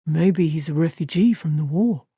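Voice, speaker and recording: A cautious young apprentice, slow-spoken and doubtful, in a fairly low, dry voice. A woman reads him in an audiobook, near her own voice. He weighs each word before speaking. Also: mellow, husky, no room sound.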